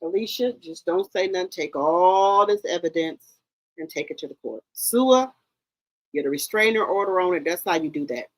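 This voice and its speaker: A woman's voice: lowish voice, animated, moderate pace, poor audio. A woman hosting a commentary channel, reacting to a clip in a scolding, exasperated, mocking way.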